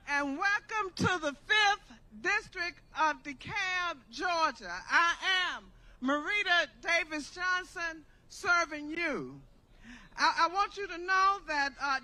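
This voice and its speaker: Female local official, emphatic rally address, very bright, measured pace. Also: extremely high pitch. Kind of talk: rally speech.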